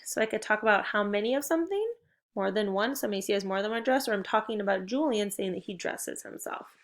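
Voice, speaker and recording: Woman teacher for a kids' video lesson: mid-pitched, encouraging, spells out words slowly. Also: expressive. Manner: encouraging, clearly paced instructions; stretches out target words slowly. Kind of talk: recorded video lesson for children.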